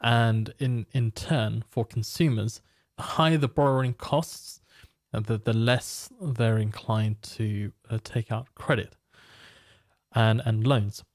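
A man presenting a financial market preview, walking through economic data in a steady, explanatory way. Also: medium pitch, takes it slowly, dry recording, studio quality. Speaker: market analyst.

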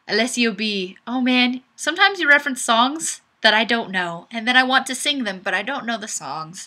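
A woman's voice: a little high, bright, forceful tone. A young woman hosting a webcam chat, reading viewer comments aloud in a bubbly, playful way and laughing often. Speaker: webcam show host. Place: home webcam setup. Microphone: webcam microphone.

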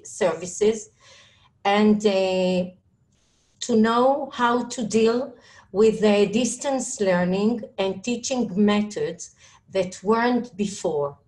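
Israeli woman, non-native English, slow halting webinar talk, video-call audio, many fillers. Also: mid-range voice, darkish tone. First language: Hebrew. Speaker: school administrator speaking on a panel. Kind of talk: webinar presentation.

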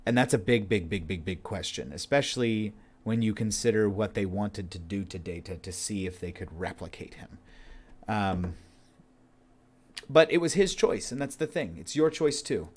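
A man's voice: on the low side, moderate pace. A man chatting casually on his livestream, rambling, swearing and laughing easily. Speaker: streamer editing his writing.

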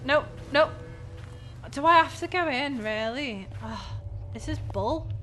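Girl on a headset playing a scary game, high lively voice, slow talker, faint hiss behind. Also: faint music behind. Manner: jumpy, swears and screams at scares. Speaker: gamer. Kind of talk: horror game commentary.

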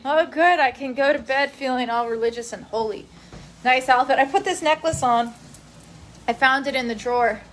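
A woman's voice: high voice, normal speed, slight background noise. A young woman in casual, rambling live-stream chat from her family home at night, reading out viewer comments. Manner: rambling, chatty, scattered.

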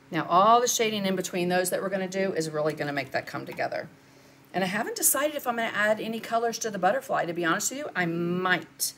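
A woman's voice: fairly low pitch, a bit bright, slight background noise. An older woman, chatting through a live painting lesson and answering viewers as she works. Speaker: art instructor.

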